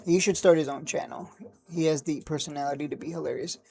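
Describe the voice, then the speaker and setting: A man hosting a stock trading livestream, talking casually and excitably, rambling, cursing now and then, and laughing at his own jokes. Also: on the high side, fast talker, creaky. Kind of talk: live market commentary.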